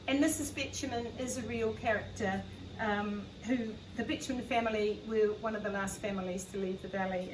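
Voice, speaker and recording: Woman author, New Zealand accent, hesitant and earnest, recorded from far off, faint room noise. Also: fairly high pitch. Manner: hesitant, with many fillers, earnest. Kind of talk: introducing and reading from her novel. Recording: echoey room, far from the mic.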